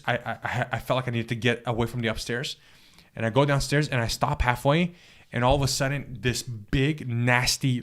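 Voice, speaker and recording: A man with a mid-range voice recounts a personal spiritual experience as an interview guest. He speaks earnestly and haltingly, restarting frequently and using lots of fillers.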